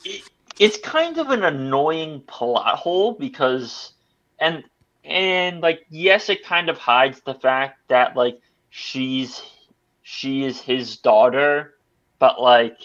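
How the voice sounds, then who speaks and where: A man's voice: medium pitch, lively intonation, takes it slowly, fairly bright tone, lo-fi sound. Man reviewing a film, rambling. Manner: rambling, many restarts and stammers. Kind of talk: casual podcast chat. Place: podcast studio.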